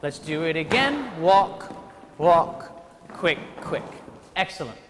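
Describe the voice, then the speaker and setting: Lively male dance teacher counting steps. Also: on the high side, slow, long reverb tail, a little hiss or hum. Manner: energetic, counts steps aloud, playful asides. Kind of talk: teaching a ballroom dance class. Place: dance studio hall.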